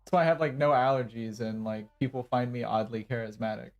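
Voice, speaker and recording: A man's voice: medium pitch, fairly even intonation, fast talker, muffled recording, soft background music. A young adult man streaming a game, chatting casually in a rambling, joking, self-mocking way. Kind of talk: casual gaming commentary.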